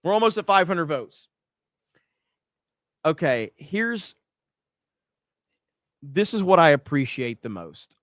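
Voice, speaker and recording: Guy ranting and swearing at his stream chat, kinda high voice, dry close mic. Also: big pitch swings, slow pace, pauses often, fairly bright tone, no echo. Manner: profane, ranting and mock-outraged. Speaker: livestream host. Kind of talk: casual livestream chat, reading out viewer comments.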